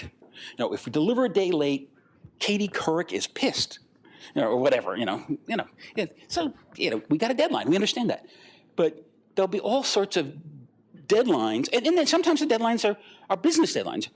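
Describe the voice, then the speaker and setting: An older man giving a conference talk, animated and rambling, acting out the voices of the people in his stories. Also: high voice, a little fast, breathy edge. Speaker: guest speaker.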